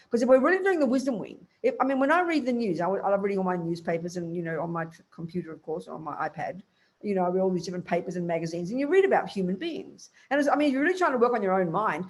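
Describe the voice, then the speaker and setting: An older woman, a Buddhist teacher, giving a blunt, emphatic dharma talk to a group and acting out inner voices. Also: mid-range voice.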